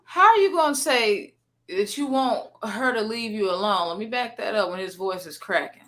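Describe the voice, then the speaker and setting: A woman's voice: medium pitch, animated, normal speed, fairly bright tone. A woman YouTuber commenting on clips she plays, incredulous and sarcastic, repeating her points for emphasis.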